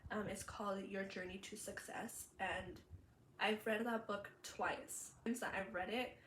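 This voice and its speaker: A woman's voice: medium pitch, steady tone, measured pace, a bit bright. A young woman telling a personal story in a vlog, chatty with many fillers, emotional and laughing through tears. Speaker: vlogger. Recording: roomy echo, faint background hum.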